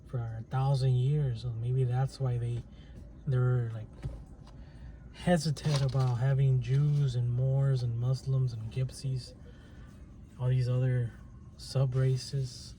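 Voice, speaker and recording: Dark-voiced man rambling hesitantly. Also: medium pitch, little pitch movement, takes it slowly. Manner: hesitant, many restarts and fillers. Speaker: channel host. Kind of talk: casual rambling monologue. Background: faint plane and traffic noise.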